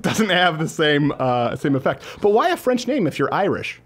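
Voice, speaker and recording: A man's voice: on the high side, lively intonation, quick pace, hardly any pauses. A man hosting a talk show, joking and laughing as he rambles through introductions and banter.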